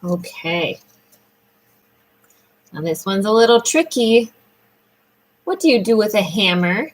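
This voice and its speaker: In a children's sound lesson, a female speech therapist offers frequent praise and stretches words out slowly with a sing-song lilt. She speaks at a medium pitch, and the recording is of poor quality.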